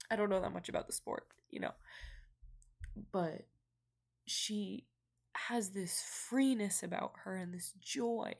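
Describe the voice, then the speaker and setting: A woman's voice: a little high, a little mellow. A young woman talking to camera in a casual vlog, heartfelt and rambling, with lots of fillers. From United States. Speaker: vlogger.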